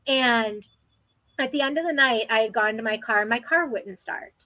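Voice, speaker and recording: Bright-voiced woman telling her story. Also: on the high side, moderate pace, no echo, poor audio. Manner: animated, quotes people in raised voices. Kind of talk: casual storytelling.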